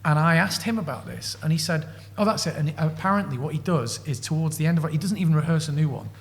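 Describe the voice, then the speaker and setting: A man co-hosting a podcast. He tells stories in a lively way, acts out the voices of the people in them, and laughs as he goes. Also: fairly high pitch, fast talker, long reverb tail. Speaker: podcast co-host. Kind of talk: animated anecdote telling.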